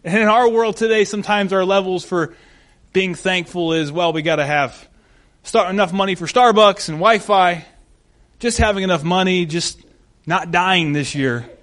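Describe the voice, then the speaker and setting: High-voiced young male pastor. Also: moderate pace, a bit bright. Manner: enthusiastic, storytelling. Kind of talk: sermon.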